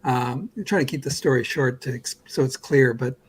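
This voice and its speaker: A man's voice: mid-range voice, moderate pace, breathy edge, low-quality recording. A man in his sixties from Canada, a guest comics artist telling a long rambling anecdote in casual chat, self-deprecating and full of restarts. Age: 60s.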